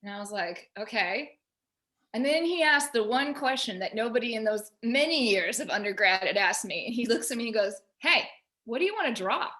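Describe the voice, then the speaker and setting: Bright, animated woman telling a story. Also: fairly high pitch, brisk, few pauses. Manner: animated storyteller, quotes herself and others. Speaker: featured artist guest. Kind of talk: casual video call discussion. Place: home.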